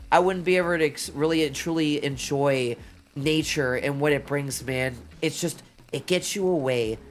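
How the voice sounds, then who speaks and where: A streamer chatting casually and excitedly to viewers, rambling between thoughts and often exclaiming. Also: mid-range voice, slight background noise. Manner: excitable, rambling, says "dude" and "oh my God" often. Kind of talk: casual livestream chat.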